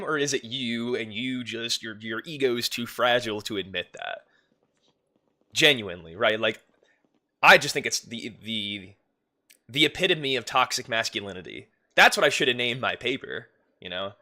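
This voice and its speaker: A man's voice: mid-range voice, sharp tone. A young man chatting casually on a livestream, rambling and swearing now and then. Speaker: streamer.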